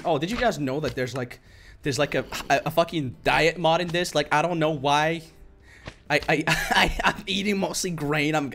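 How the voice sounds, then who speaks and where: A young man giving excitable, swearing commentary while streaming a game live, repeating himself when things go wrong. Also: a little high, noisy background.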